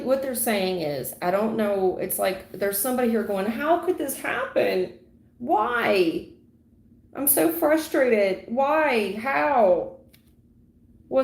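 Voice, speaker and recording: A woman giving a livestream tarot reading in a dramatic, repetitive way, acting out sudden endings with loud exclamations. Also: medium pitch. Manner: dramatic, repetitive, full of sound effects. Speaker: tarot reader. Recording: echoey room.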